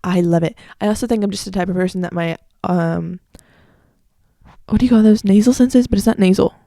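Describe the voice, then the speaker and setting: Speaking fairly quickly with vocal fry, this young American podcaster in her late teens chats on her own, full of "like"s and self-corrections and firmly opinionated. Her medium-pitched voice has a warm tone, and the studio sound is clean with no room noise.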